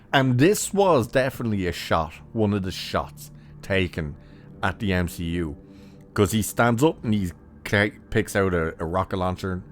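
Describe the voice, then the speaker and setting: A man giving a casual, rambling spoken film review, blunt and full of restarts and asides. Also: sits low.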